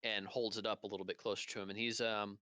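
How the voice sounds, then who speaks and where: A man's voice: on the low side, little pitch movement, fast, bright, forceful tone, dry recording. A young man narrating a tabletop game as game master, loose and rambling with many fillers.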